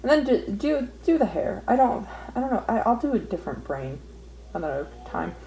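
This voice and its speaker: A woman's voice: a little high, big pitch swings, brisk, gravelly, warm tone, low-quality recording. A young woman telling a story while she draws, ranting and swearing in an exasperated, casual way. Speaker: vlogger.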